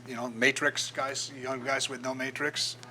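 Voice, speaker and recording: Older guy, graphic designer, chatty talk to a club, bright voice, bit of hiss behind him. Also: mid-range voice, level tone, moderate pace, rough recording. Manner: storytelling, acts out quoted voices. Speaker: guest speaker, graphic designer. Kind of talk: casual presentation to a club. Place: meeting room.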